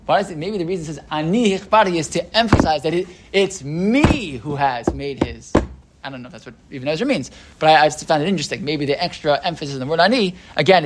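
A man's voice: fairly high pitch, animated, fairly quick, noisy background. A man leading a text study class, aloud and explaining them, thinking aloud with frequent restarts and "right?" checks to the group. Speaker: Torah teacher.

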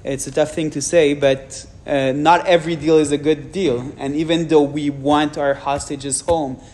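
A man's voice: on the high side, steady tone, darkish tone. French-accented man speaking frankly. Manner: frank, measured, with hesitations. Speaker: speaker answering questions. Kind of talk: public talk with questions.

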